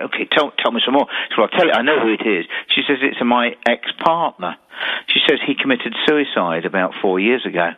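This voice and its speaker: A man telling ghost stories in a casual chat, animated, often repeating words. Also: mid-range voice. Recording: tinny phone-line audio.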